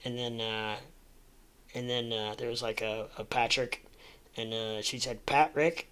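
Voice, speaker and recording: A man's voice: mid-range voice, monotone, unhurried, pushed and bright, clean tone, poor audio. A man hosting a casual crypto livestream, rambling through market talk with lots of fillers, restarts and jokey asides.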